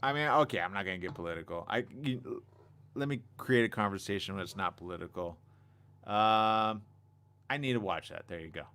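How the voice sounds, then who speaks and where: A man hosting a casual live stream on a desk mic, reading viewer comments and chatting excitably. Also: lowish voice, brisk. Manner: animated, excitable, reads viewer comments aloud. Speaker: livestream host. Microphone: desk condenser mic.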